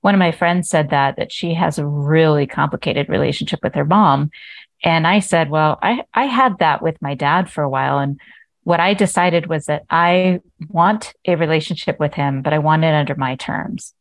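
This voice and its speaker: A woman's voice: low-pitched, normal speed. A woman hosting a podcast interview, speaking in a thoughtful, anecdotal way. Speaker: podcast host. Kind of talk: conversational interview.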